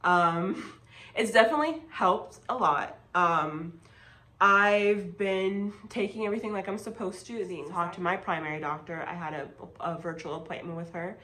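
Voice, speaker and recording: A woman's voice: fairly low pitch, normal speed, pushed and bright, rough recording. A young woman vlogger telling a personal story in a casual, chatty way, with lots of fillers and emphatic asides.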